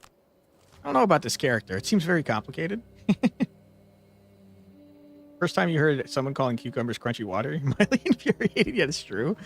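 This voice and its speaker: Over soft background game music, a young streamer commentates casually on a tactics game, playfully cursing and feigning outrage. He has a slightly high, sing-song voice with vocal fry, speaking at a normal speed and pausing often.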